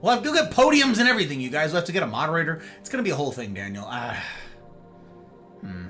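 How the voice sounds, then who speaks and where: A man's voice: on the high side, very animated, fast, a bit bright, soft background music. A man live-streaming, chatting casually with his viewers, teasing and greeting them by name.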